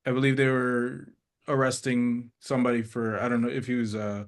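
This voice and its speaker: A man hosting an interview, asking long questions slowly and hesitantly with many fillers. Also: mid-range voice. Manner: slow, hesitant, lots of ums. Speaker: interview host.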